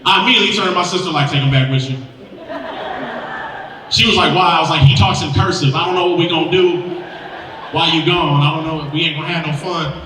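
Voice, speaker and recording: A man's voice: on the high side, fast talker, recorded from a distance, noisy background. A man in his thirties from Milwaukee performing a stand-up comedy set on stage, telling stories and acting out the voices of the people in them. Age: 30s. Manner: animated storytelling with acted-out voices. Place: stage in a large hall. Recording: echoey hall, mic heard from afar.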